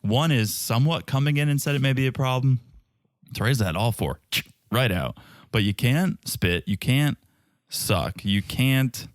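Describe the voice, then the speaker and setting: A man's voice: mid-range voice, lively intonation, normal speed, dry recording, clean studio sound. A man co-hosting a casual podcast, joking and teasing with lots of laughter. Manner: jokey, teasing, laughs often. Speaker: podcast co-host.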